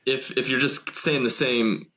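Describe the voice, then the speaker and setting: A man's voice: medium pitch, steady tone, a little slow, sharp tone. A man hosting a casual interview, talking in a hesitant, hedging way with many restarts. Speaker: podcast host.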